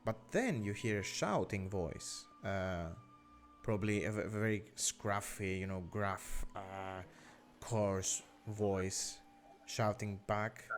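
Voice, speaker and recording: Slow, low-voiced man running a tabletop game. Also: soft background music. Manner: unhurried, many filler "uh"s, hedging descriptions. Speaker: game master. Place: online voice call.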